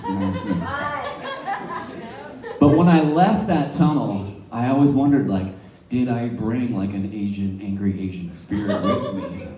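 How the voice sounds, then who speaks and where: Lively-voiced male stand-up in an echoey bar. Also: mid-range voice, measured pace, distant mic. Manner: profane, rambling storytelling. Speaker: stand-up comedian. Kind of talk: stand-up comedy set. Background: laughing crowd.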